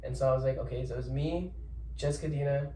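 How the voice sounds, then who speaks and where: A young man, a podcast guest, telling a story in casual chat. He rambles, repeats words and gives lots of shout-outs. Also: mid-range voice, fairly even intonation, quick pace. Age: young adult. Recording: roomy echo, distant mic, faint noise.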